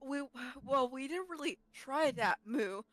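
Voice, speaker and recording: A woman voicing a lost, confused druid who has been turned into a cow, speaking slowly and mooing between her phrases. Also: high-pitched, expressive, pitched above the performer's own voice, poor audio. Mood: lost, pleading. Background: tavern music.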